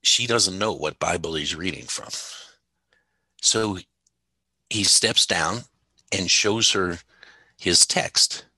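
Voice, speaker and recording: A man's voice: sits low, slow, long pauses, sharp tone, husky, no room sound. A man co-hosting a casual theology talk, telling stories with emphasis and frequent laughs. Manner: storytelling, emphatic, laughs often. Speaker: Bible teacher, co-host.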